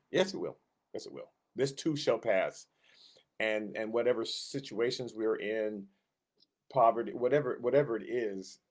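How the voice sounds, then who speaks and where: A man teaching a Sunday school Bible lesson in a casual, animated way, often acting out quoted lines with a raised voice. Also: fairly low pitch. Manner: animated, acts out quotes in raised voice, self-interrupting.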